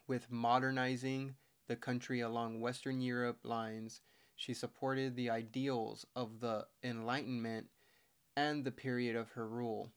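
A man's voice: medium pitch, clean tone. A young man co-hosting a casual podcast, reading notes aloud and rambling, stumbling over words now and then. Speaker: podcast co-host. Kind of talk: casual chat.

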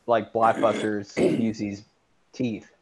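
A man co-hosting a casual movie podcast, cracking wry quick jokes. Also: on the low side, level tone, a crowd in the background. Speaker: podcast co-host.

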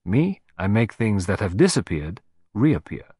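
A man reading an audiobook and voicing a vain, theatrical older Belgian detective, pompous and playful with dramatic pauses. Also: on the low side, big pitch swings, warm tone, husky, full character voice. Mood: amused.

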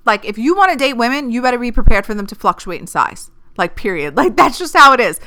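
A woman in her thirties hosting a podcast, giving dating advice in a blunt, profane, animated way. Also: on the high side, fast talker. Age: 30s. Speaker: podcast host. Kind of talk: casual podcast monologue.

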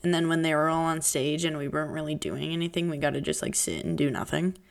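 A young woman talks through her own podcast in loose, casual chat, with a slightly low voice. She is chatty and dramatic, jumping between pitches and dropping into whispers. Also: quick pace. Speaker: podcast host.

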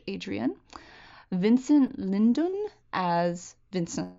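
A woman's voice: mid-range voice, big pitch swings, slow pace, mellow, muffled recording. A woman co-hosting a film podcast, chatting casually with many fillers and reading from notes. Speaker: podcast co-host.

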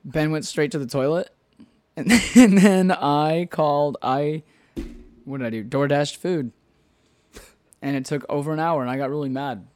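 Animated, swearing man telling a story. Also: fairly high pitch, moderate pace, pauses often. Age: late 20s. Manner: animated, laughing storyteller who swears freely. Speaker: podcast co-host telling a story. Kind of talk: casual chat, storytelling.

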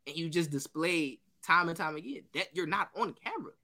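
Over a crowd in the background, this podcast co-host speaks briskly in a higher-than-average male voice. His storytelling is lively and casual, full of acted-out lines and frequent bursts of laughter.

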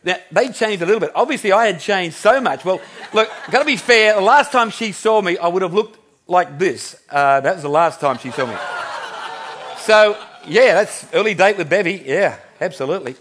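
An Australian pastor in his fifties, whose voice sits high, preaches at a moderate pace with a little hiss or hum in the audio. He tells his sermon in a relaxed, storytelling way, chuckling and restarting sentences.

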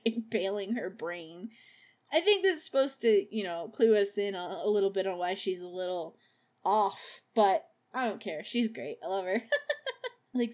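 A woman hosting a podcast, recapping a movie in a casual, profane way. She laughs often and gushes over the characters she loves. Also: fairly high pitch. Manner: gushing about favorite characters. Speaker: podcast host.

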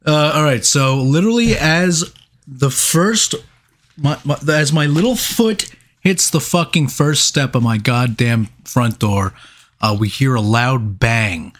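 A man in the middle of a podcast chat, spinning a rambling, profane story about his neighborhood. He talks at an ordinary pitch, casual and loose, with plenty of swearing and short laughs. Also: takes it slowly. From New York. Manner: profane, animated anecdote with laughs. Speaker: podcast co-host.

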